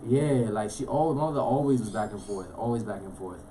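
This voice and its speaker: A young man from Florida, a guest telling his life story in a casual, animated way, full of street slang. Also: on the low side, slight background noise. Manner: fast, animated, streetwise slang, frequent "you know what I'm saying". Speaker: interview guest.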